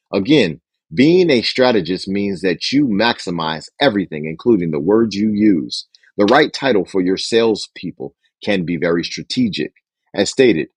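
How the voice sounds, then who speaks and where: A man's voice: breathy edge, dry recording, clean studio sound. A man hosting a book club, reading a business book aloud and acting out sample phone calls. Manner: acts out phone dialogue with raised pitch for characters.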